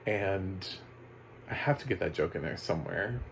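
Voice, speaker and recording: A man's voice: sits low, normal speed, a little hiss or hum, low-quality recording. A man giving a casual, rambling video review of a documentary, full of fillers, restarts and chuckles. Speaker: movie reviewer.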